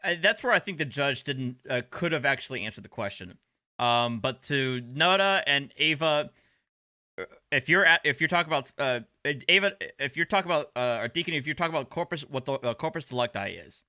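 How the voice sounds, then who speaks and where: A man's voice: mid-range voice, animated, a little fast, sharp tone, no room sound, clean studio sound. A man streaming reaction commentary over court footage, sarcastic and profane, talking back at the clip. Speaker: livestream commentator.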